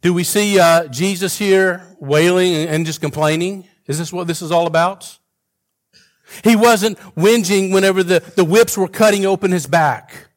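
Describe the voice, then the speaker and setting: A man preaches a sermon in a somewhat higher voice, talking to his congregation in a relaxed way. He stumbles through restarts and stray fillers, then reaches for rhetorical questions and folksy humor to make his point. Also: moderate pace. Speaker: pastor.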